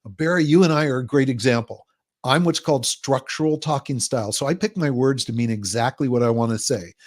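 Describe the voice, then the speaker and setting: A man of ordinary pitch speaking as a guest on a talk show. He explains his ideas at length and livens up his voice to act out what other people say. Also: brisk. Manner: explains at length, acts out quoted people in a livelier voice. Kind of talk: conversational podcast interview.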